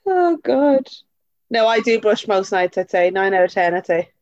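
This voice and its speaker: A young Irish woman co-hosting a podcast, quick and wry with teasing asides. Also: medium pitch, very animated, darkish tone, dry recording. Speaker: podcast co-host. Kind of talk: casual chat. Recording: dry, slightly dull sound.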